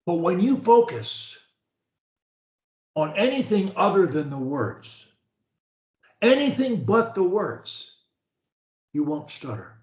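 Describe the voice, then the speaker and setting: A man's voice: sits high, big pitch swings, takes it slowly, pauses often. A man coaching a stuttering client over a video call, talking with energy and emphasis and drilling phrases for the client to repeat. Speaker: speech coach. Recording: echoey room on a video call.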